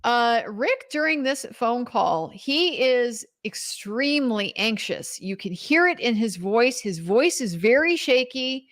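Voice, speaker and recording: A woman's voice: on the high side, lively intonation, takes it slowly, hardly any pauses, fairly bright tone. A young woman commenting on a trial in a casual recap, incredulous and emphatic, reading out quotes as she goes. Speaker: legal commentator.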